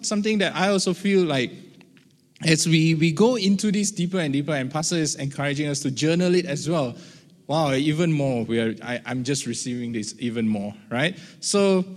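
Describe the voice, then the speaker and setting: A man giving a conversational sermon on prayer, often checking in with "right?" and speaking his own prayers aloud as examples. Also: medium pitch. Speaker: church teacher. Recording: long reverb of a large hall.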